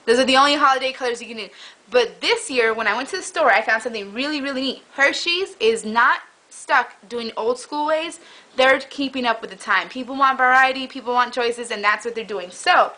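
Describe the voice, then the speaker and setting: A young woman vlogging in casual chat, rambling through an animated story. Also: fairly high pitch, brisk, poor audio. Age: young adult.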